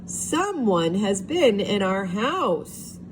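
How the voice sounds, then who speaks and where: A woman's voice: mid-range voice, drawn-out words, low-quality recording. A woman voicing a worried mother bear who gasps and speaks anxiously. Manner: gasping, anxious. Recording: steady background hiss.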